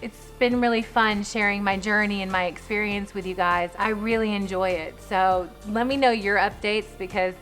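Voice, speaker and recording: A pregnant woman vlogging to camera in a chatty, fast, filler-heavy way, a little out of breath. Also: mid-range voice, steady tone, a bit bright, soft background music. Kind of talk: casual chat to camera.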